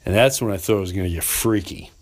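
A man hosting a podcast, telling a personal story in an earnest, animated way and slipping into voices for the people in it. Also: deep voice, fast, slightly rough. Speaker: podcast host.

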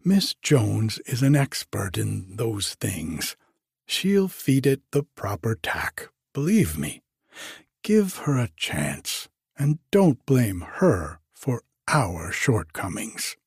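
A man plays a blunt, jovial stand-in innkeeper in a storybook reading, cheeky and quick with a retort. The voice is husky and gravelly, slow-paced, and recorded close and dry. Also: fairly low pitch, very animated, a little mellow, no room sound, full character voice. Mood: soothing. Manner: blunt and jokey, talks back. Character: blunt, jovial man acting as hotel proprietor.

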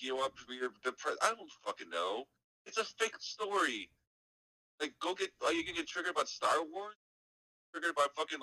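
Brief: male podcast co-host on a heated, profane rant, very bright and tense tone, dry sound from a distant mic. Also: fairly high pitch, dry recording. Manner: profane, heated, sarcastic ranting.

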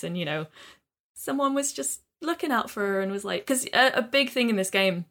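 Animated woman gushing on a podcast. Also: medium pitch, brisk. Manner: enthusiastic, animated retelling with lots of fillers. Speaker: podcast co-host. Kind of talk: casual podcast chat.

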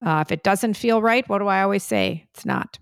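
A chatty woman co-hosting a family podcast, her mid-pitched voice carrying a gravelly edge. She tells stories with animated asides. The sound is dry and close. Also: a little fast, dry recording. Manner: chatty storyteller, animated retelling. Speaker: podcast co-host, mother. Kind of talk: casual family podcast chat. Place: New York City.

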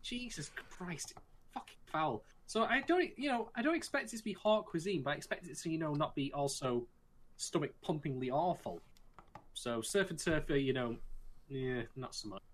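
A man in casual podcast chat, animated, swearing and joking about an anime. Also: on the high side, normal speed. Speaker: podcast co-host.

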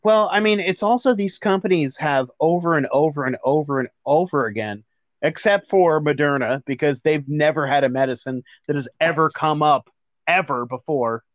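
A man's voice: fairly high pitch, normal speed, dry recording, dull audio. A man co-hosting a podcast in casual chat, swearing freely and laughing often. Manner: profane, excitable, laughs often. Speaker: podcast co-host.

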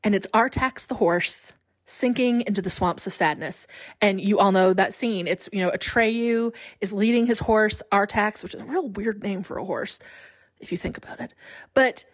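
A woman in her forties hosting a solo podcast, chatting in an animated way and laughing often. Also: mid-range voice, moderate pace. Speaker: podcast host.

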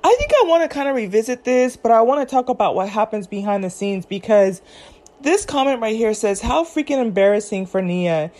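A woman's voice: on the high side, expressive, fairly quick, darkish tone. A woman hosting a casual commentary chat, rambling and chatty, with many fillers and self-corrections. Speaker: podcast host. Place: at home, eating snacks.

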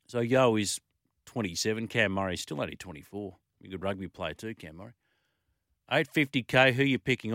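A man with an Australian accent hosting a sports talkback radio show, chatty and lively as he reads listener messages and gives scores. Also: fairly low pitch, no room sound, clean studio sound. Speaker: radio sports talk host.

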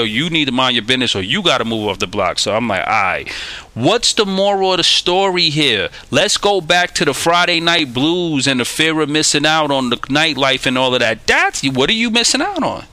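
Animated man, bright forceful voice. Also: medium pitch, moderate pace. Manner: animated, acts out quoted dialogue; streetwise slang, says "yo" and "y'all". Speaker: podcast host. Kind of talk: casual storytelling monologue. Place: New York City.

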